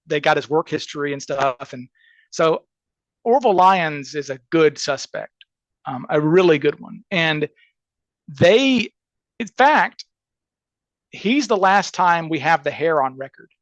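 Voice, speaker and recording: A man guesting on a podcast, telling a long story casually with plenty of restarts and acted-out quotes. His voice sits a bit high with a gravelly fry. The sound is dry and somewhat dull, like a lo-fi recording. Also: normal speed, dry recording. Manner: animated, acts out quoted voices, frequent restarts. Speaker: podcast guest, criminal defense attorney.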